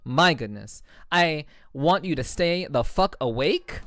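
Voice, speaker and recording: A man's voice: a little high, expressive, measured pace, bright, forceful tone. A man chatting casually with his livestream audience in a profane, rambling way, often repeating himself and laughing. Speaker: livestreamer reading chat. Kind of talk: casual stream chat. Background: faint background music.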